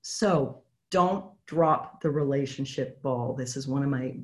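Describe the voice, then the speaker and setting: A woman's voice: very deep voice, unhurried, a little mellow. A woman, apparently from Canada, coaching a live online session in a chatty, encouraging way and reading out replies from the chat. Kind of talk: live webinar teaching.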